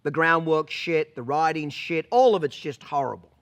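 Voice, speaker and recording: A man's voice: fairly high pitch, lively intonation, normal speed, lo-fi sound. A man telling a story as a horse trainer, blunt and profane, punctuating points with rhetorical questions. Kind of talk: storytelling vlog.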